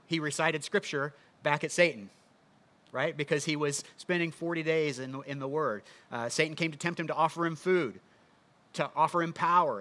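A man's voice: fairly high pitch, a bit bright. A man preaching a sermon in a conversational teaching manner, often asking the listeners rhetorical questions. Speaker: pastor.

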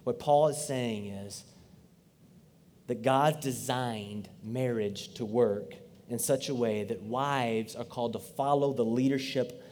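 A man's voice: medium pitch, takes it slowly, darkish tone. A man in his thirties preaching a sermon, earnest and conversational, with frequent asides to the congregation. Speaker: pastor.

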